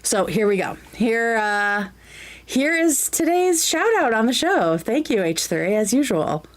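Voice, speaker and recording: A bubbly, giggly woman streamer chatting casually as she reacts to a clip. Her voice sits fairly high, and she drops easily into fluent French. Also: sing-song, unhurried.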